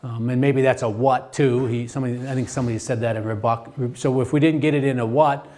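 A man teaching a Bible study class, talking in halting bursts with frequent restarts and quizzing his students. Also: medium pitch, fairly even intonation, darkish tone. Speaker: theology teacher. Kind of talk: interactive Bible study lecture.

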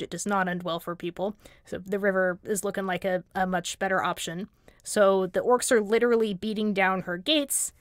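A woman's voice: lowish voice, no echo, studio quality. Woman telling lore with wry asides. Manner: animated storytelling, wry asides. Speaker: guest lore commentator. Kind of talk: casual livestream discussion.

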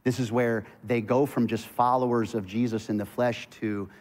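A man preaching a sermon as pastor, telling stories with animated swings between loud excitement and hushed intensity. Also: medium pitch, moderate pace. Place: church sanctuary. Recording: church hall reverb.

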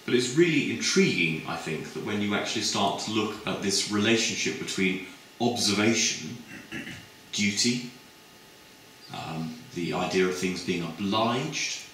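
A middle-aged man giving a public lecture in a measured, discursive way, with many filled pauses. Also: fairly low pitch, bright, forceful tone, a little hiss or hum. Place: lecture hall. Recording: echoey hall from a distant mic.

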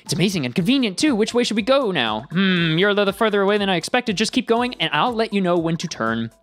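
A let's player voicing a smug, secretive young girl inventor from a video game in a quick, self-assured manner. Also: medium pitch, sing-song, faint music behind, voice pushed up, close to an everyday voice. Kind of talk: reading game dialogue aloud in a let's play.

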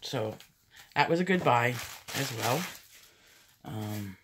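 A woman's voice: extremely low pitch, expressive, takes it slowly, a little hiss or hum. A woman chatting casually through a thrift haul, rambling into stories and laughing often. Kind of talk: casual haul vlog chat.

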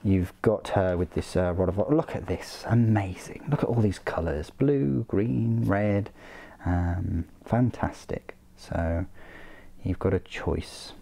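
Low-voiced man, chatty and mellow. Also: takes it slowly, creaky. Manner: chatty, joking, with many ums and uhs. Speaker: hobby channel host. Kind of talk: casual unboxing commentary.

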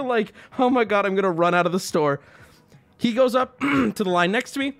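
A male streamer telling a story to his chat in a casual, animated way, laughing, swearing and acting out voices as he goes. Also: extremely high pitch, moderate pace, gravelly.

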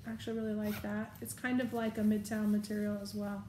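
A woman's voice: mid-range voice, flat delivery, quick pace, darkish tone, roomy sound, a little hiss or hum. A woman chatting casually as she packs her bag, thinking aloud. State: has the hiccups. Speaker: vlogger. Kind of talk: casual show-and-tell.

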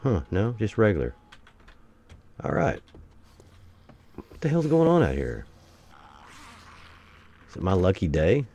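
A man giving excitable commentary while playing a survival game, taunting enemies and breaking into sudden loud outbursts. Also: deep voice, slow, gravelly, pauses often, highs cut off. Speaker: gameplay streamer. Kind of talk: let's play commentary.

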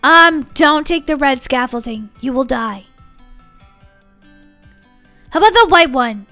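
A woman with a very high, bright voice chatters through a game with bubbly, silly let's-play commentary and frequent giggles. Faint game music plays behind her. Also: takes it slowly. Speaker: gaming channel host.

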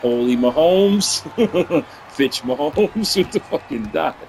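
Excitable male gamer, unhurried, profane, bouncy animated delivery over loud game sounds. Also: on the high side, noisy background. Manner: excitable, swears, cheers teammates on, laughs often. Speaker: gamer streaming basketball video game. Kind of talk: casual live gameplay commentary.

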